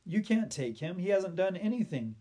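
A man voicing a distressed young boy who pleads and cries out in high tones. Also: animated, normal speed, warm tone, husky. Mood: pleading.

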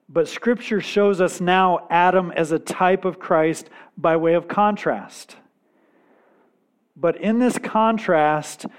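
A man preaching a sermon at a slow, deliberate pace. His voice sits a little high. He speaks earnestly and drops to a quiet weight on the key points. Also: smooth. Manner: measured, earnest preaching with dramatic pauses and quiet emphasis. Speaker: pastor.

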